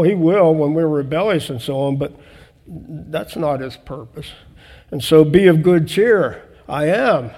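A man preaches a conversational Bible-teaching sermon, his voice mellow and slightly high-pitched. He reads scripture aloud and explains it in a relaxed, plain way, with small restarts. The sound carries a long hall reverb.

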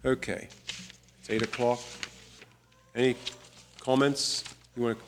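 Man teaching scripture in a measured voice. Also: mid-range voice, steady tone, slight background noise. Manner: unhurried, reads scripture aloud with emphasis. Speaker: Bible study teacher. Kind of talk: Bible teaching talk.

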